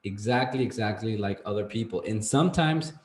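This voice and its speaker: A man with Spanish as his first language teaching an English class, relaxed and rambling, checking in with "okay?" often. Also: on the low side, brisk. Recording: roomy echo.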